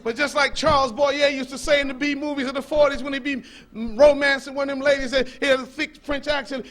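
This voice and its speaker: A man preaching a sermon to a hall, with a preacherly rhythm that swings from hushed tones up to shouting. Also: very high-pitched, flat delivery, quick pace, few pauses, background noise. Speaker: minister. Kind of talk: fiery sermon.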